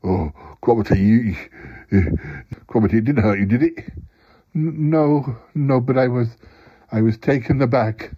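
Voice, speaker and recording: A man's voice: mid-range voice, measured pace, pitched below the performer's own voice, close to an everyday voice. A man voicing a timid, fretful male character who frets anxiously and keeps saying oh dear. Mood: shaken. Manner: anxious, dithering, lots of "oh dear". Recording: roomy, dull sound with loud noise.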